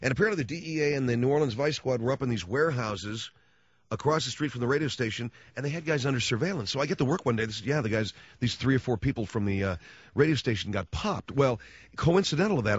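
A man's voice: mid-range voice, slightly rough, dry recording. Radio guy rambling through old stories, slangy, voice jumps around a lot, dry dull sound. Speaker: radio host. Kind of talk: casual storytelling monologue.

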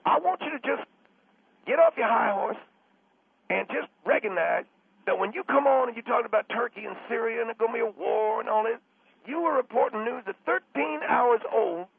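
A man playing a creaky, preachy pastor caller on the phone. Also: very high voice, moderate pace. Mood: lecturing. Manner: lecturing, stammering, mimics with squeals. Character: pushy preachy male pastor caller, middle-aged. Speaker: pastor calling in to a radio show. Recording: tinny phone line with faint hiss.

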